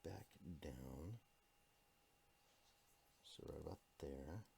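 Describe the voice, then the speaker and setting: Deep, slow-talking male artist narrating a live sketch, thinking aloud and critiquing himself. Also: animated, creaky, dark tone, a little hiss or hum. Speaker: artist drawing a live tutorial. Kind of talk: unscripted drawing commentary.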